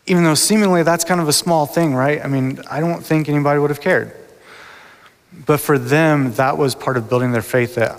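A man delivers a sermon in an earnest, halting way, often restarting his sentences. His voice is gravelly with fry. The sound rings with the long reverb of a big hall. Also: medium pitch, fairly even intonation. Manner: earnest, hesitant, many ums and restarts. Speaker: preacher.

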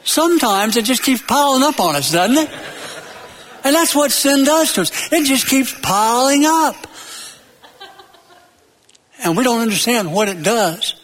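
A man preaching a sermon, emphatic, building to loud peaks and then dropping low, with stories and jokes along the way. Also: big pitch swings, a little slow, long pauses, in a large hall.

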